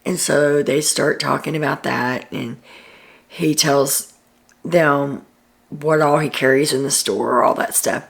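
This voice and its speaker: A woman's voice: low voice, steady tone, takes it slowly, gravelly. A woman hosting a casual reality TV recap, retelling what people said in a chatty way with ums.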